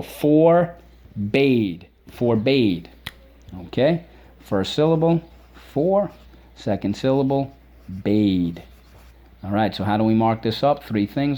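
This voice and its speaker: Mellow-voiced man teaching a spelling lesson. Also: fairly low pitch. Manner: drills words aloud, repeats them slowly and emphatically; encouraging, asks questions and praises.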